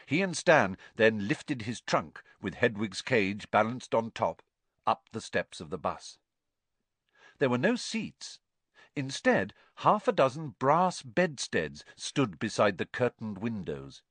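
A man reading a story aloud, in an expressive audiobook narration. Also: mid-range voice, takes it slowly, no echo.

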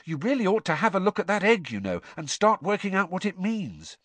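A man's voice: high-pitched, very animated, a little fast, a bit bright, no room sound, pitched above the performer's own voice, heavily acted. A man voicing an earnest, bossy teenage schoolgirl in an audiobook reading. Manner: earnest, urging. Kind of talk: audiobook character voice.

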